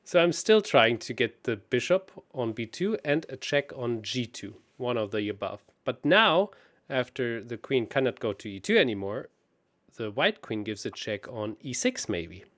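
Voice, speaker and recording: A man's voice: mid-range voice, very animated, moderate pace, fairly bright tone. Chatty man talking through chess tactics. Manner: chatty, laughs often, thinks aloud. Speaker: co-host. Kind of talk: casual chess chat.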